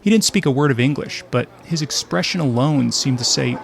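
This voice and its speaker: A man's voice: medium pitch, lively intonation, brisk, gravelly, noisy background. A man narrating his travel podcast in a scripted, wry storytelling manner with dry humor.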